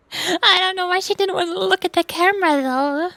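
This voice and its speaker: A tired woman streamer and voice actor chatting quietly and softly with frequent giggles. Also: very high-pitched, normal speed, no echo. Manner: quiet and soft-spoken, giggly. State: tired after hours of streaming. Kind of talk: casual gaming stream chat.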